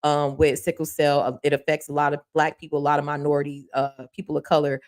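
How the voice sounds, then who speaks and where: A woman hosting a casual live-stream talk show, chatty and folksy, laughing often as she gives shout-outs to her viewers. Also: sits low, level tone, fast talker. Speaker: host of a local news livestream.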